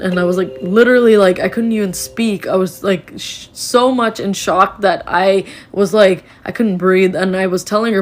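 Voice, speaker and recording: A woman's voice: mid-range voice, steady tone, moderate pace, few pauses. A young woman from Canada casually telling a ghost story while walking through a house, chatty and full of filler words.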